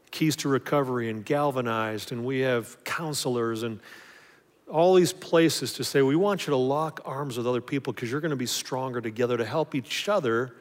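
A man preaching a sermon, building up emphasis and then dropping softly into prayer. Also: medium pitch, big-room sound. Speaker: pastor.

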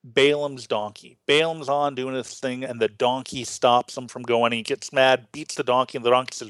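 A man's voice: medium pitch, steady tone, normal speed, hardly any pauses, fairly bright tone, clear, resonant tone, dry recording. A man from Illinois hosting a Lutheran podcast, teaching in a casual chat with earnest, stammering restarts. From Illinois, USA.

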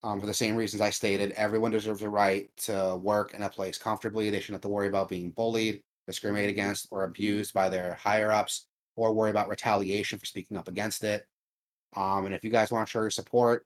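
A man with a lowish voice co-hosts a casual gaming podcast. He speaks earnestly and steadily, pausing often on ums as he reads through the news. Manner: earnest, measured, frequent ums. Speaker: podcast co-host.

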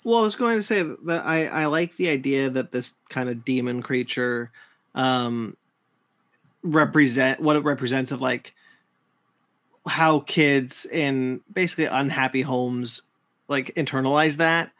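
A man's voice: medium pitch, a little slow, a bit bright. A man co-hosting a podcast, chatting casually and rambling with frequent restarts. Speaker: podcast co-host. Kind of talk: casual chat.

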